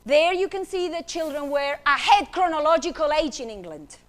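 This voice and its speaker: A woman speaker teaches phonics from a stage, playful and theatrical as she leads the audience through each sound. Her voice sits high and swoops up and down constantly. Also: lively intonation, moderate pace. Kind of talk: animated talk with classroom demonstration.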